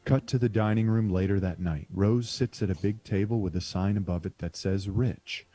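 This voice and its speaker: A man's voice: lowish voice, steady tone, normal speed, dark tone. A man hosting and narrating a comedy script reading on a stream, flustered and self-deprecating. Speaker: narrator and show host.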